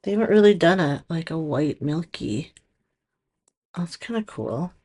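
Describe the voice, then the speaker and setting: A woman's voice: sits low, expressive, unhurried, dark tone. A woman casually demonstrating nail strips, chatty and thinking aloud as she works. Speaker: nail product stylist. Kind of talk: casual product demo.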